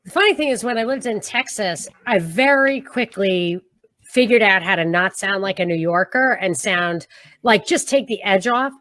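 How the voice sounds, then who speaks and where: Speaking over a video call, a woman with a Brooklyn, New York accent chats as a podcast guest; she's also a radio host. She's an animated storyteller with a quick laugh, her voice medium in pitch with no room sound.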